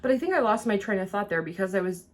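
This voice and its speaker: Speaking fast and expressively at a medium pitch, this woman vlogs as she gets ready. Her casual chat meanders, packed with fillers and restarts, and she has some trouble getting words out clearly.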